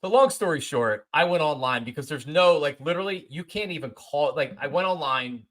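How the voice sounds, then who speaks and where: Telling a story on his podcast, this man in his forties talks a little fast and a little high. The monologue is casual and animated, and he repeats himself while acting out both people in a conversation.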